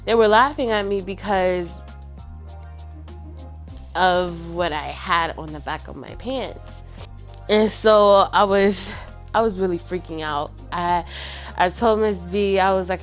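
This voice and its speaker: A woman hosting her own channel, candidly retelling a personal story in an animated, casual way with slang. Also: fairly low pitch, slow, pauses often, soft background music. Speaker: channel host.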